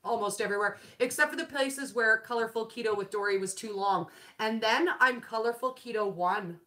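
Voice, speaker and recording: A woman's voice: fairly high pitch, fairly quick, pushed and bright. A woman in her forties hosting a casual live-stream chat about keto food, bubbly and laughing often, greeting viewers by name. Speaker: keto food channel host. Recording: echoey room.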